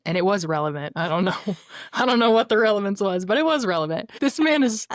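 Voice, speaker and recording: A woman's voice: mid-range voice, animated, a little fast, no echo, studio quality. A woman hosting a podcast, chatting casually and laughing often as she talks. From northern United States. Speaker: podcast host. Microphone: podcast microphone.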